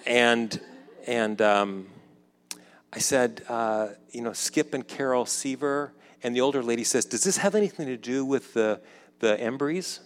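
A man in his fifties telling a personal story in a conversational way, acting out the dialogue and dropping softer when reflective. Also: medium pitch, unhurried. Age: 50s. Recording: long hall reverb.

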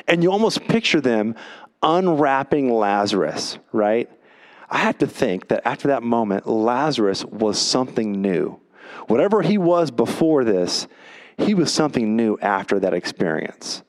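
A man preaching a sermon, telling a personal story with animated energy, then reading scripture slowly and quietly for emphasis. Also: mid-range voice. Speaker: pastor.

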